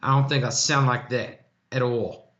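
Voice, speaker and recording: A man's voice: medium pitch, fairly even intonation, normal speed, a bit bright. Blunt Colorado man, roomy muffled mic. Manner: blunt, loyal, swears freely. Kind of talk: casual table chat.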